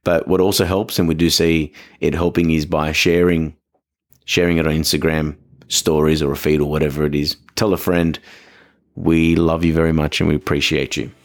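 Low-voiced man on a dog podcast. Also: normal speed. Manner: animated, jumps to a high excited voice when acting out talking to dogs. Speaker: podcast host and dog trainer. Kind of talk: casual solo podcast talk.

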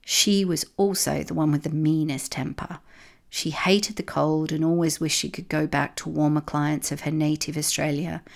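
Woman, storybook narration, deep voice, vocal fry, steady reading.

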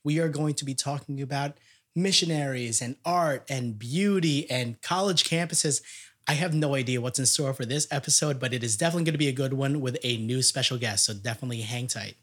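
A man's voice: medium pitch, a little fast, a bit bright. A young adult man hosting a casual podcast, upbeat and chatty, laughing often. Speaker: podcast host.

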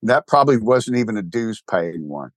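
A man's voice: fairly low pitch, big pitch swings, moderate pace, no room sound. An older man with a Texan accent, rambling wryly in a casual interview chat, full of restarts and fillers. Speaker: guest, church co-founder.

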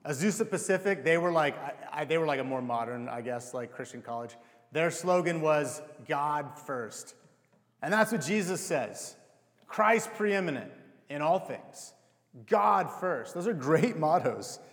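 A man's voice: a little high, expressive, unhurried, a bit bright. A young man preaching a sermon in a conversational, self-deprecating way, asking the audience rhetorical questions. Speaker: pastor. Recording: long hall reverb.

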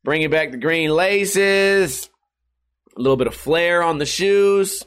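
A man's voice: on the high side, takes it slowly, fairly bright tone, clean tone. A man, rambling and joking profanely as a streamer talking to his webcam at home. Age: 30s. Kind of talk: casual rambling vlog. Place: hot house. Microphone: webcam setup at home.

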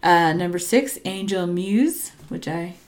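A woman's voice: on the low side, slow, darkish tone. A woman chatting casually as she reads out a ranked list, often unsure and stumbling on names, with small asides. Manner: hesitant, unsure pronunciations, trailing asides.

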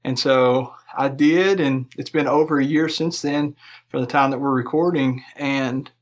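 A man's voice: mid-range voice, steady tone, unhurried. A young man with a Kentucky accent, a podcast guest telling easygoing stories about hiking and laughing often. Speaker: guest, hiker and video maker. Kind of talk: casual podcast interview.

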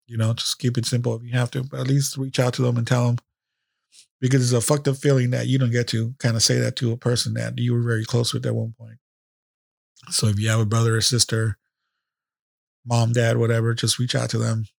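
Gravelly emotional podcast host. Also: male voice, mid-range voice, completely flat delivery, fairly quick, no room sound, studio quality. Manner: emotional, profane, rambling with restarts. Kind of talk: casual unscripted podcast monologue.

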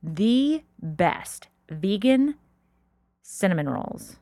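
This young woman talks in an upbeat, chatty way and laughs easily. Her pitch jumps around a lot as she tells a story. The recording is close and dry, with no room sound. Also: sing-song, drawn-out words, warm tone, no echo. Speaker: podcast co-host. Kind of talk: casual chat.

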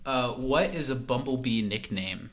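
A man co-hosting a podcast in casual chat, quick to laugh. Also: medium pitch, fairly bright tone. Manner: chatty, laughs easily. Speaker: podcast co-host.

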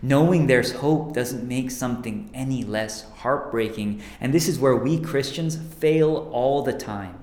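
A man preaching a sermon as pastor, earnest, dropping to a hush on key lines. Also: medium pitch, measured pace, few pauses, echoey room.

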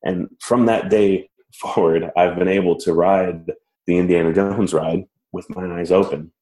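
Brief: low-voiced man, lively self-mocking storyteller, roomy echoey recording. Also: unhurried. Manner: animated, self-mocking, laughs while telling. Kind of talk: casual personal storytelling. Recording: roomy echo.

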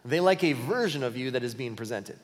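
A man's voice: medium pitch, lively intonation, brisk, in a large hall. A man preaching a sermon as a pastor, speaking in a candid, conversational style that tells stories and often restarts phrases.

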